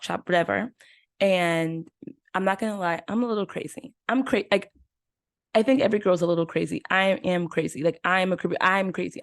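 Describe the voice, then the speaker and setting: A woman in her twenties hosting a podcast, telling a story in a chatty, animated way with lots of fillers. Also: fairly low pitch, no room sound, studio quality. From United States. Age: 20s. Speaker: podcast host. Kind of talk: casual chat.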